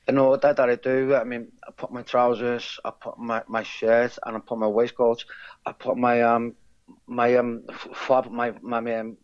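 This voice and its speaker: A man rambles on, stumbling over repeated words and restarting his sentences. The sound is dull and lo-fi. His pitch sits in an ordinary middle range. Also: flat delivery, normal speed, clear, resonant tone. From England. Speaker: guest, character lookalike. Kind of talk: casual interview chat.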